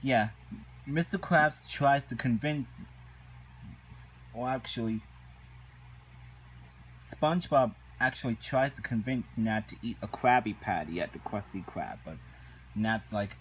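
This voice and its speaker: Slow, halting man ranting. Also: medium pitch, a little hiss or hum, poor audio. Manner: halting, repetitive, indignant. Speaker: reviewer. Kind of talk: casual episode review rant.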